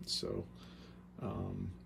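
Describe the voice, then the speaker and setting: Lowish gravelly guy calling dice rolls in his board game, methodical, loud noise behind. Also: very slow. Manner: steady, methodical, calls each dice roll. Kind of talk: play-by-play board game commentary.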